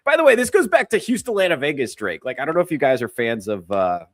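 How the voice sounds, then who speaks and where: Lively sarcastic male podcast host. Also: fairly high pitch, quick pace, dry recording. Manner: crude, sarcastic, mocking. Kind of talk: comedic commentary rant.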